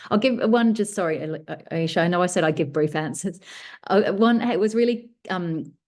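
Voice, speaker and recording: A woman's voice: lowish voice, brisk, darkish tone. A woman speaking as guest author in a workshop, answering questions thoughtfully with many restarts over a video call. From Australia.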